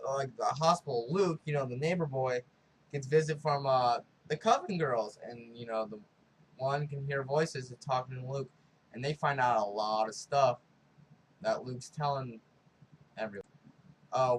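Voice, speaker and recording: A man giving a casual, rambling review of a TV episode, talking excitedly with lots of fillers and dropping into quick character impressions. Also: medium pitch, a little hiss or hum. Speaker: video reviewer.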